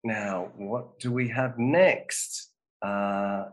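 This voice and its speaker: Man, casual host, wry asides, relaxed, mid pitch. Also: a little slow, rough recording. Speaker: host reacting to videos. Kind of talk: casual live commentary.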